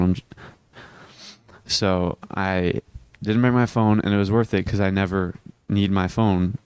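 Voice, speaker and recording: A man's voice: sits low, fairly even intonation, a little slow, a little mellow, clear, resonant tone, no room sound. A teenage boy talking in a casual self-improvement vlog, earnest and rambling, often restarting his sentences. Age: teens. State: hiccuping. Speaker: vlogger.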